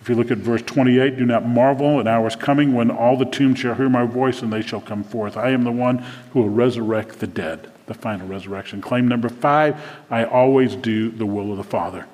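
A man's voice: mid-range voice, fairly even intonation, a little fast, a little mellow. A man preaching a sermon as pastor, chatty and loose at times, then building to emphatic declarations. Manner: conversational, shifts to emphatic declarations. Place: church sanctuary. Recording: long reverb of a church hall.

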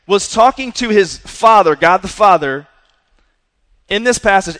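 High-voiced energetic male preacher, reverberant hall. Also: unhurried, pauses often, smooth. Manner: energetic, repeats "right?" and "listen". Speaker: youth pastor. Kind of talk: sermon to young people.

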